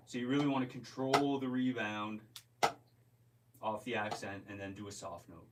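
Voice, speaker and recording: Drum teacher counting beats, mic far off. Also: male voice, fairly low pitch, normal speed. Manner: relaxed, explains step by step, counts beats aloud. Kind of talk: casual instructional talk. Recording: distant mic with loud clicking noise.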